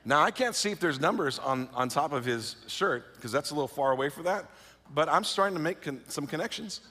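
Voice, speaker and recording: Bright-voiced man telling a story in a hall. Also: fairly high pitch, brisk. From California. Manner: lively, self-mocking, many fillers and restarts, acts out quoted voices. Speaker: speaker. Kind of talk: animated personal storytelling. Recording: long reverb of a large hall.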